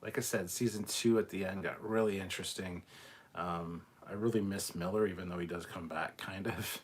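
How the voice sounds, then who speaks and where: A man's voice: sits low, steady tone, normal speed, breathy edge. A man hosting a casual live stream, reading chat aloud and ranting bluntly with plenty of swearing.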